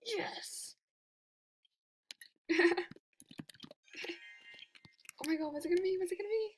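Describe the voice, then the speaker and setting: A woman giving casual commentary over her gameplay, excitable and giggly, often dropping to a whisper. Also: very high-pitched, slow, pauses often. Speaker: game video creator.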